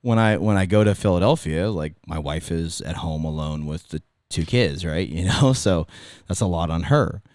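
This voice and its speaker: His voice sits low with a darkish tone and a moderate pace as this middle-aged Californian, once a radio host, rambles through stories on a casual podcast. He self-interrupts and restarts sentences often. Sound is studio quality, with no room sound.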